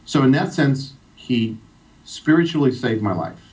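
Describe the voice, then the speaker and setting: A man's voice: mid-range voice, expressive, measured pace, a little mellow. A middle-aged man from Iran telling a heartfelt personal story as a guest on a radio interview. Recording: distant, dull radio sound.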